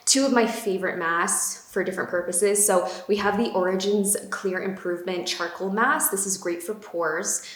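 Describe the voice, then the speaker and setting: A woman's voice: medium pitch, fairly even intonation, moderate pace, hardly any pauses. A young woman gushing about beauty products in a casual vlog, with lots of fillers. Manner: bubbly, gushing, many fillers. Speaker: beauty vlogger. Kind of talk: casual chatty product talk. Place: home room. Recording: echoey room.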